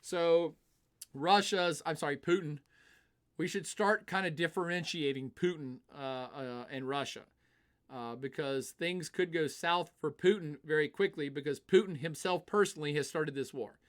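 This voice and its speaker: Animated male streamer, fairly high voice. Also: normal speed. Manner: animated, acts out nations in quoted voices; chatty, reads viewer comments aloud. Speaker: streamer and geopolitics commentator. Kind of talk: live-streamed political commentary.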